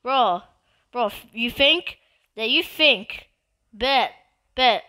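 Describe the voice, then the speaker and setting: Bright, slow-talking excitable gamer woman. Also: on the high side. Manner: excitable, repetitive trash talk. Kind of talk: live gameplay commentary.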